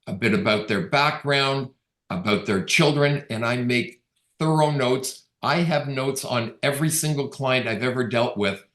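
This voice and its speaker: Middle-aged man from Canada, conversational storyteller, mid pitch, echoey room sound. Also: unhurried, fairly bright tone. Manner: conversational, storytelling with quoted dialogue. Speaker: real estate agent giving a webinar talk. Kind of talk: casual storytelling talk. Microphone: video call. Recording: roomy echo on the voice.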